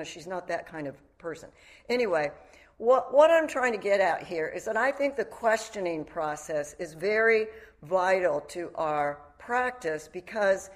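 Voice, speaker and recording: A middle-aged woman giving a meditation talk, reflective and candid, mixing teaching with personal stories. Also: fairly high pitch. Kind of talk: dharma talk.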